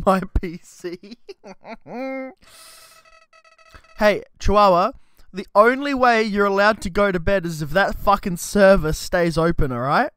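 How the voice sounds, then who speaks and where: A man's voice: high-pitched, slow pace, long pauses, fairly bright tone, smooth, no echo. A man streaming a video game, commenting casually, swearing and joking at a desk microphone. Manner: swearing, joking, laughing to himself.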